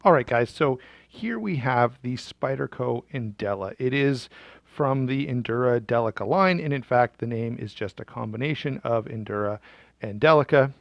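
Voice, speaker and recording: Gravelly, upbeat storytelling man. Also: medium pitch, lively intonation, normal speed, no room sound, muffled recording. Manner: jokey, upbeat, conversational. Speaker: knife channel host. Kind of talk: humorous storytelling vlog.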